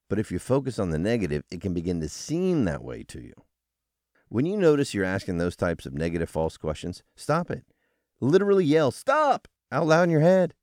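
A man hosting a solo motivational podcast, explaining ideas in an animated, coaching delivery. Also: medium pitch, dry recording, clean studio sound. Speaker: podcast host.

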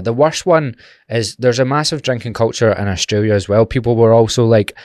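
A man's voice: medium pitch, brisk, darkish tone, no room sound, studio quality. A young man with a Glaswegian Scottish accent, hosting a solo podcast in a rambling, sweary, jokey way. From Glasgow, Scotland. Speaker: podcast host. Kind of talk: casual solo podcast chat.

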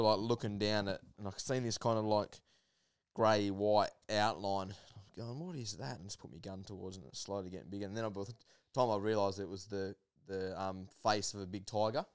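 A man telling a long story in casual chat, animated, laughing often and full of fillers. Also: lowish voice, smooth. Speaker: podcast guest.

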